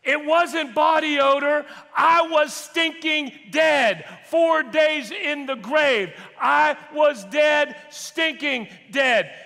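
A man's voice: very high-pitched, unhurried, sharp tone, heavily acted. A man voicing Lazarus, a man raised from the dead, giving emphatic, insistent testimony in a courtroom-style sermon.

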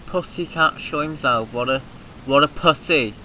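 A British man hosting a let's-play, chattering loosely and breaking into loud rallying shouts and cheerful swearing. His voice is very bright and sharp, a little mucousy in the throat, with a faint hiss behind it. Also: medium pitch, a little slow, poor audio. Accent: British English. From Britain. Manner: excitable, profane, shouts rallying cries. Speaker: gaming video host. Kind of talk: casual let's-play commentary.

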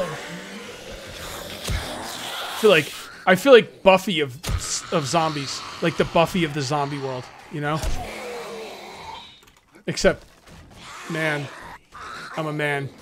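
A man's voice: on the high side, takes it slowly, pauses often, over music. A man hosting a let's play, giving casual gameplay commentary and taunting enemies as he goes. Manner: excitable, jokey, taunts enemies.

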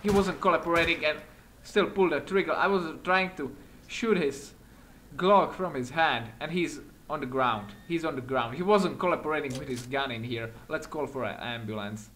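A man giving excitable let's-play commentary while acting as a patrol cop in a game, speaking non-native English with small slips, swearing and laughing often. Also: a little high, moderate pace, slight background noise. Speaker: gaming commentator.

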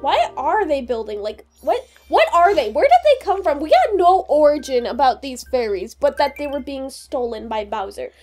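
Woman, high voice, lively pitch, let's-play chat, giggly, swearing, game music behind. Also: normal speed, few pauses. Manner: giggly, swearing, loud exclamations. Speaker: gaming video co-host. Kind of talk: casual let's-play banter.

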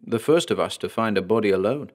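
A man voicing an anxious man who tries to calm the others, speaking sheepishly. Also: fairly low pitch, fast. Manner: placating, sheepish.

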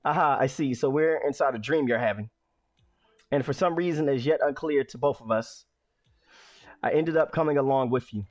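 A man reading aloud the lines of a gentle, polite woman librarian from a game, in his own voice. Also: mid-range voice, normal speed, no echo, studio quality, natural voice. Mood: curious.

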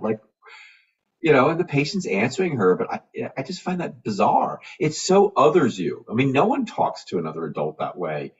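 A man's voice: mid-range voice, moderate pace, a little hiss or hum. A man, a physician guest, talking in a casual interview and acting out the voices he quotes. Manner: animated, acts out quoted voices. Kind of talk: conversational interview. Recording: dull lo-fi video call audio from a distance.

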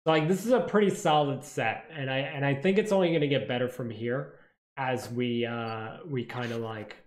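A man's voice: medium pitch, moderate pace, echoey room. A man hosting a casual stream chat, thinking aloud with lots of fillers. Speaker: series creator and stream host.

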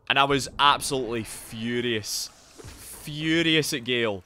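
Guy streaming a game live, super bright tense voice, chats and swears, yells when stuff happens. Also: mid-range voice, moderate pace, a little hiss or hum. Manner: casual and profane, with sudden loud outbursts at the game. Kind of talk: live gameplay commentary and chat.

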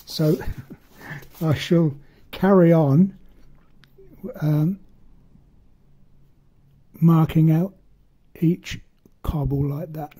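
A man's voice: on the high side, steady tone, drawn-out words, long pauses, mellow, slightly rough. A man giving a casual hands-on model-making tutorial, rambling and self-deprecating as he works.

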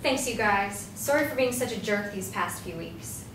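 A woman's voice: mid-range voice, animated, normal speed, background noise, close to an everyday voice. An actress reading a sulky teenage girl with a whiny delivery. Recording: echoey room, distant mic.

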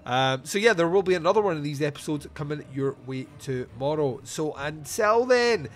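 A man's voice: a little high, animated, normal speed. Profane joking podcast host, a man. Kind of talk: casual film review chat.

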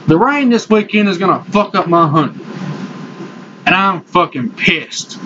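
A young man with a drawl rants in a rowdy, foul-mouthed way, his fairly high voice leaping around, and he has dip tucked in his lip. The audio is dull and lo-fi, with loud noise running underneath. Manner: rowdy, swears constantly. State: talking with tobacco in his lip. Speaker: vlogger reviewing dip. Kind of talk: casual profane vlog rant.

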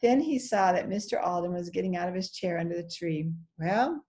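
A woman reading a children's chapter book aloud in a steady, clear storytelling manner. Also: lowish voice, brisk. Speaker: reader.

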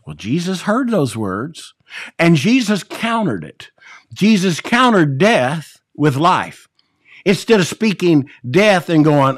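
A man preaching a sermon in an animated way, stumbling and repeating words, laughing between points and acting out the scripture quotes. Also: fairly high pitch, slow, no room sound, studio quality.

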